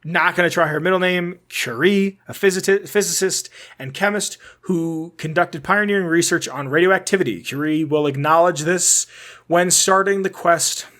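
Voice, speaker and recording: A young man with a slightly high voice co-hosts a relaxed podcast chat. He reads out game trivia in a loose, rambling way, tripping over words and laughing at his own slips. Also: normal speed. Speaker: podcast co-host. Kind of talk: casual chat.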